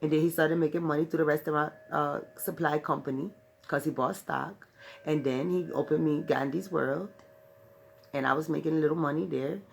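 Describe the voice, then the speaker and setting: A woman's voice: sits low, fairly even intonation, moderate pace, creaky, slight background noise. A woman vlogger telling a rambling personal story in casual chat, often tagging "right" and swearing freely. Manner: rambling, peppers talk with "right"; profane, laughs while telling.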